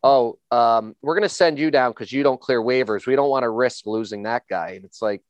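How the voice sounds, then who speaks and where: A middle-aged man spins casual, rambling stories, stumbling over repeated words as he gets going. His voice is smooth and resonant, recorded dry and close with no room around it, and sits at an ordinary pitch. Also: fairly quick, dry recording. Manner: rambling, repeats words when starting sentences. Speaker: former pro hockey player. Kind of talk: casual storytelling chat.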